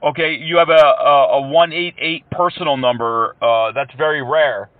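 A man calling scammers as a prank, talking calmly and mock-earnestly and throwing in broken Hindi words. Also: a little high, normal speed, dry recording. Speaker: prank caller and show host. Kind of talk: prank phone call to scammers. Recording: tinny phone line.

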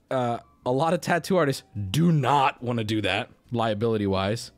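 A man hosting a live stream and reacting to viewer media. He is excitable and swears a lot, swinging from mumbled asides to loud yells. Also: mid-range voice. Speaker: streamer host.

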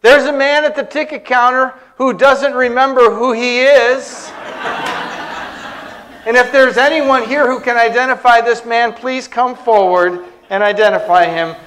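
A man voicing a calm, polite airport ticket agent who speaks formally. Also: very high voice, unhurried, slight background noise, pitched above the performer's own voice. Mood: announcing.

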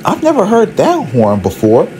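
A man's voice: high voice, wildly swooping pitch, normal speed, darkish tone, slight background noise, pitched above the performer's own voice, poor audio. A man voicing a friendly, curious female train engine with an inquisitive manner.

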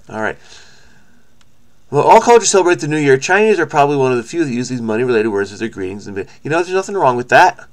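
A man hosting a crossword video, thinking aloud in a frenetic, rambling way, with frequent restarts and stammers. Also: mid-range voice. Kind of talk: casual think-aloud commentary.

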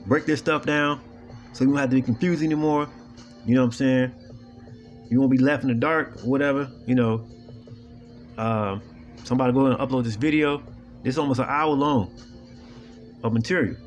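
Soft music plays behind a man hosting a video, his medium-pitched voice steady and at normal speed, with frequent pauses. He talks straight to viewers in a casual monologue, blunt, preachy and profane, often asking "you know what I'm saying".

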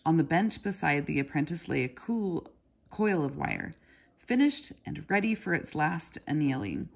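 A woman reading a children's novel aloud in a steady storybook manner. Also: deep voice, vocal fry, husky. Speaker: narrator.

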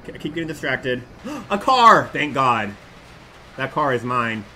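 Animated young man narrating gameplay. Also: medium pitch, moderate pace, slight background noise. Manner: animated, exclaims and yells at the game. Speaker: gaming YouTuber. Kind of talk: casual gameplay commentary.

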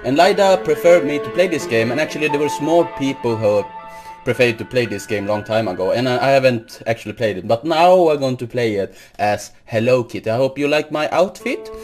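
A man hosting a horror game playthrough, jumpy and nervous, repeating greetings and swearing when startled while claiming he is not scared. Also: mid-range voice. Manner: keeps insisting he is not scared. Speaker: gaming video host. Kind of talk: horror game let's play commentary.

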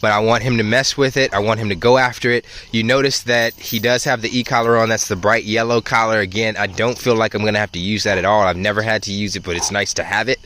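A man teaching dog training outdoors, explaining in a relaxed way with frequent ums and restarts. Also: lowish voice, fast talker, hardly any pauses. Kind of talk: casual outdoor instruction.

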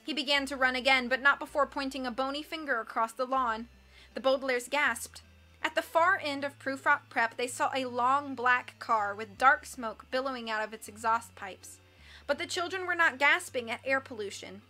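A woman reading a storybook aloud in an expressive, animated way, acting out the characters. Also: high-pitched, normal speed, faint music behind. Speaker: reader.

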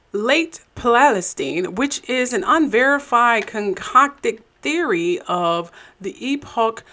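A woman's voice: medium pitch, fairly bright tone. Sarcastic woman narrating commentary. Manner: sarcastic, skeptical asides. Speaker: show host.

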